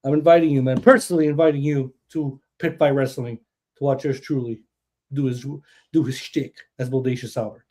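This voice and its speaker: A man hosting a podcast in an excitable, boastful way, swearing freely. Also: mid-range voice, fairly quick. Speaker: podcast host. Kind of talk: hyped casual chat.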